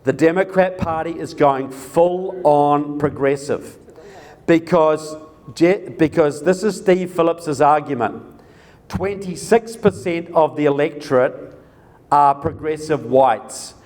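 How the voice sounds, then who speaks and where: A man's voice: fairly high pitch, slow pace, darkish tone. Emphatic man giving a political talk. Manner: emphatic, repeats key words, asks the audience questions. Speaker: political speaker. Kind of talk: live presentation to an audience.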